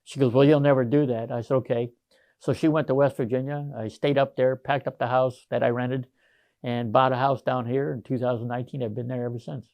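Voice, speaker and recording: A man's voice: medium pitch, little pitch movement, a little fast, darkish tone, dry recording. A man in his sixties, a retired Marine gunnery sergeant, telling rambling stories with many fillers in a casual interview. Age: 60s.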